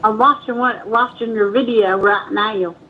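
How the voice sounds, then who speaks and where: A woman's voice: medium pitch, fairly even intonation, measured pace, a bit bright, a little hiss or hum, poor audio. A woman from Louisiana with a Southern US accent, calling in to a stream in a hesitant drawl. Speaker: caller.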